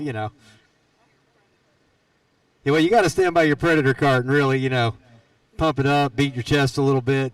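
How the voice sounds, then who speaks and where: This race announcer's live go-kart commentary comes from the track's announcer stand, full of folksy teasing of drivers and jokes between laps. He speaks with a fairly high, gravelly voice. The sound is dry and poor, picked up from a distant mic.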